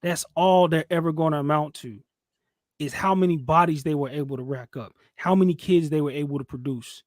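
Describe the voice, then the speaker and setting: A man hosts a podcast, and his talking voice sits high. He preaches and lectures with heavy emphasis, and he mocks people in squeaky put-on voices. The sound is close and dry. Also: fairly quick, no room sound. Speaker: channel host. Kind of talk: heated commentary chat.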